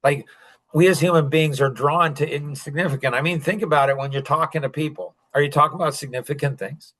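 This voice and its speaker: Rambling, chuckling man, slightly high voice. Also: fairly even intonation, fairly quick, fairly bright tone. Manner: rambling, chuckling, heavy use of "like". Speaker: podcast host. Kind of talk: casual podcast chat.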